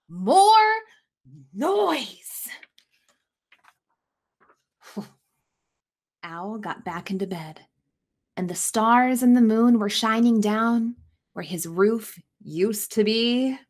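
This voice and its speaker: A young woman reading a picture book aloud to children, stopping to ask them questions about the pictures. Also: medium pitch. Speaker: school staff reader. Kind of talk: children's storytime read-aloud.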